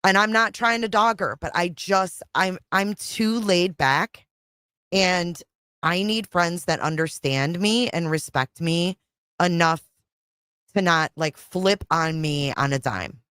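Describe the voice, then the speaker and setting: A woman's voice: on the low side, slow pace, a bit bright, clear, resonant tone, no room sound, studio quality. A middle-aged woman hosting a casual livestream chat, frustrated and rambling, repeating herself and swearing. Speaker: livestream host.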